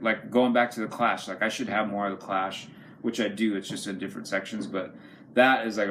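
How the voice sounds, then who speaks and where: A man's voice: on the low side, gravelly, slight background noise. A man casually showing his record collection, rambling and enthusiastic, swearing often and using many fillers. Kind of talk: casual unscripted talk to camera.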